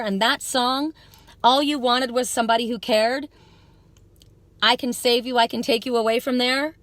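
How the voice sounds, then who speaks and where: A woman's voice: fairly high pitch, fairly even intonation, moderate pace, fairly bright tone, no room sound, faint music behind. A woman giving a live psychic card reading to her viewers outdoors at dusk, talking in an earnest, rambling, spiritual way.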